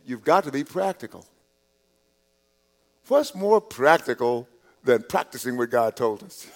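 A male pastor preaching a sermon in a conversational way, repeating and restarting words, dropping to quiet asides and rising on key points. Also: medium pitch, vocal fry. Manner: drops to quiet asides, rises on emphasis.

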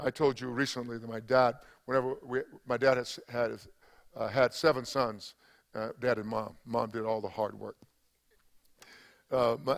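A man's voice: mid-range voice, creaky. An older man, a pastor, preaching a sermon with rising emphasis, often stopping for fillers and restarts.

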